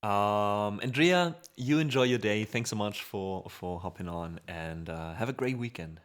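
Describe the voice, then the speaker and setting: A man's voice: fairly low pitch, unhurried, a bit bright, clean tone. A man with a German accent, a native German speaker hosting a music livestream, chatting casually with viewers in an upbeat way and laughing often. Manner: upbeat, laughs often while reading out chat.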